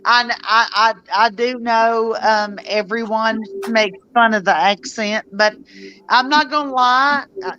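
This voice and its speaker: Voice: medium pitch, slow pace, sharp tone, a little hiss or hum. A panel guest on a live stream, talking hesitantly with many stammers and restarts. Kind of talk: casual chat. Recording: dull lo-fi audio.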